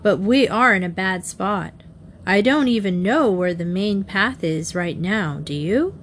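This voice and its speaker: A woman's voice: medium pitch, animated, measured pace, slight background noise, lightly acted. A woman reading aloud voices a practical teenage boy in a plain, matter-of-fact tone close to her own voice. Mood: placating. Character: level-headed teenage boy, practical leader.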